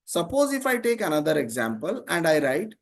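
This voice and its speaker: A man teaching an online grammar class, explaining slowly, repeating terms and often checking "Okay?". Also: on the high side, very animated, gravelly.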